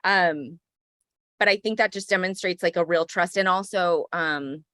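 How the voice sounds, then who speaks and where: A woman's voice: lowish voice, measured pace, pushed and bright, dry recording, studio quality. A woman co-hosting a parenting podcast, talking in a reflective, affirming way and often checking in with "right?". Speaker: podcast co-host. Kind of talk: casual conversational chat.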